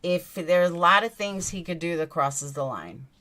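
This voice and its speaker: A woman's voice: lowish voice, expressive, normal speed, sharp tone. A woman with a New York accent hosting a true crime livestream, reading chat aloud and answering in a blunt, indignant way, swearing freely. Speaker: true crime commentary host.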